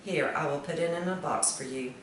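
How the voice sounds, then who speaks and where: A kindly, patient storybook mother, read by a woman. She coaxes gently in a soft, plain voice. It sounds distant and echoey, with steady noise behind it. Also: deep voice, fairly quick, natural voice. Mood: coaxing. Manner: gentle, coaxing.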